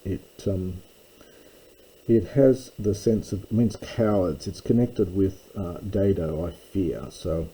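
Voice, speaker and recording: A man teaching a text line by line, slow and careful, with frequent ums and uhs. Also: low voice, warm tone, slightly rough, low-quality recording. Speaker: Greek tutor. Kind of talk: line-by-line lecture.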